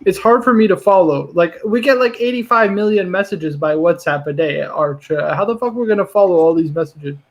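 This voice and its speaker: Blunt co-host man with a high voice. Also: a little fast, hardly any pauses. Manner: blunt, teasing, gives direct advice. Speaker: livestream co-host. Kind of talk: casual livestream chat.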